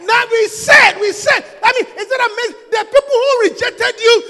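Shouting preacher. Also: male voice, very high-pitched, normal speed, in a large hall, a faint crowd. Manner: shouting, sing-song, call-and-response preaching. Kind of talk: sermon.

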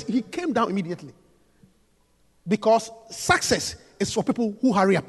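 A man preaching a sermon, emphatic and repetitive, swinging between hushed lines and shouts. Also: sits high, sing-song, normal speed, husky, in a large hall.

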